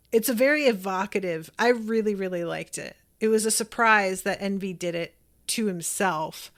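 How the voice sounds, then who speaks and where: A woman hosts a casual reaction podcast and talks through an episode with open enthusiasm. She takes her time over each thought in an unhurried, drawn-out delivery, and her pitch sits in the middle range. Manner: chatty and enthusiastic, reads listener comments aloud. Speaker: podcast host.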